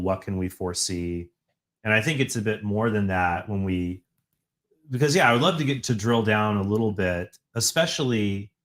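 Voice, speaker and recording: Hesitant low-voiced man in a debate. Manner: hesitant, restarts sentences. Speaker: discussion panelist. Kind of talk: casual debate.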